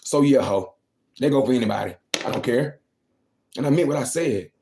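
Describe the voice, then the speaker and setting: Young man, quick emphatic livestream rant, low and warm. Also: gravelly, a little hiss or hum. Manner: venting, emphatic, repeats himself. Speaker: livestreaming vlogger.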